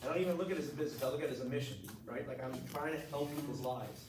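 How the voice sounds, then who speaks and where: A middle-aged man tells his story to a group in a blunt, animated way. His voice sits fairly high. He is heard from a distance in an echoey room over clear background noise. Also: very fast. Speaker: chiropractor sharing his story. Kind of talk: testimonial talk to a group. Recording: echoey room, mic far off, noisy.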